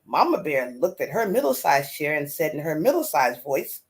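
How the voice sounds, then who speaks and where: A woman reading a children's story aloud in an expressive, animated way. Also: deep voice, normal speed. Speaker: storyteller host.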